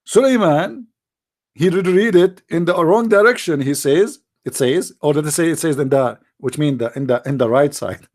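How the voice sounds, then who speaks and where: An actor playing a boastful, rambling mock preacher with an Arabic accent, in a satirical livestream monologue. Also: male voice, on the high side, normal speed, darkish tone, lightly acted. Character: mock-pompous self-styled male preacher, middle-aged.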